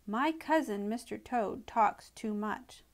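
Storybook part: a wise old male frog, slow and deliberate, a bit grumbly, read by a woman. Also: fairly high pitch. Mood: grumbling.

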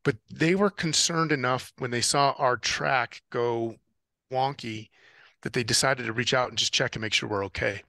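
A man's voice: mid-range voice, normal speed, vocal fry, dry recording, clean studio sound. A man telling stories from an ocean rowing race in a casual interview, acting out the voices and radio calls. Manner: animated storyteller, acts out radio calls. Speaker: guest, ocean rower and former Marine officer.

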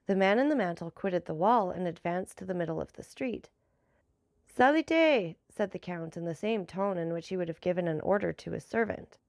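Audiobook narrator, woman, gravelly texture, close dry sound, even storytelling. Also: lowish voice, brisk, hardly any pauses, no room sound. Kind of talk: scripted narration of a classic novel.

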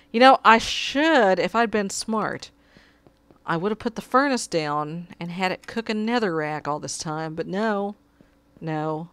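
A woman's voice: lowish voice, fairly bright tone, clean tone, dry recording. A woman giving casual gameplay commentary, muttering to herself and pleading with her cat at her desk. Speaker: gamer.

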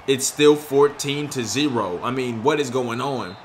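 A young man giving casual, slangy commentary on his own video game play, excitable and frustrated. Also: medium pitch, moderate pace, slight background noise. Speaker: gaming YouTuber.

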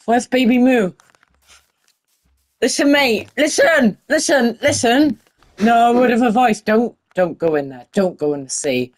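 A woman giving casual, excitable commentary while playing a game and talking to the animals in it. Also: fairly high pitch, unhurried. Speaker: gaming video creator.

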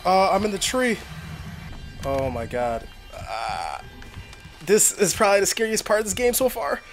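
A man's voice: sits high, huge pitch swings, unhurried, faint music behind. A young man hosting a horror game playthrough, chatting casually and exclaiming often. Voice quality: jumpy, exclaiming and talkative. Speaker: gaming video host. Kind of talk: casual let's-play commentary.

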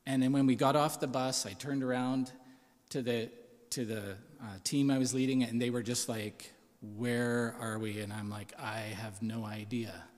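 Animated male storyteller in a church hall. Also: medium pitch, normal speed. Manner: animated storyteller, acts out quotes. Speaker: church staff member. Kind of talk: testimony storytelling. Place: church sanctuary. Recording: long hall reverb.

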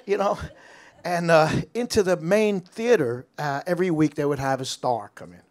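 An older American man telling stories from his music career in a casual interview, animated, laughing, with frequent restarts. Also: on the high side, normal speed.

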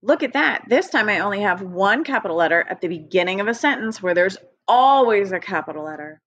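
A woman's voice: mid-range voice, expressive, a little fast, a bit bright, no room sound. A woman teacher leading a recorded early-grade phonics lesson, patient and encouraging, spelling out letters one by one. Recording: dry, dull lo-fi home recording.

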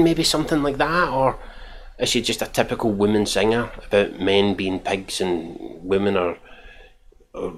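A man's voice: on the low side, a little hiss or hum. A Scottish man giving mocking, profane reaction commentary while reading out tweets. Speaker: commentary channel host.

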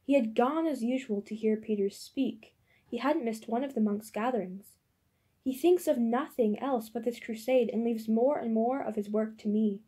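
Troubled young medieval girl, read by a woman, earnest, mellow voice, audiobook. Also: fairly high pitch, normal speed, breathy edge. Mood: worried. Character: frightened young woman apothecary's daughter.

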